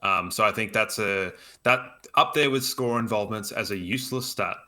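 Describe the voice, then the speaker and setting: A man's voice: fairly low pitch, moderate pace, bright, forceful tone. A man co-hosting a casual sports podcast, talking in an emphatic, opinionated way. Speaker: podcast co-host.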